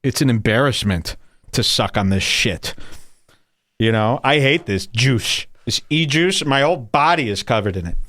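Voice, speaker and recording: A man hosting a podcast, ranting crudely and mockingly, now and then jumping into high put-on voices. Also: fairly bright tone. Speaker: podcast host. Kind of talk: crude comedic podcast rant.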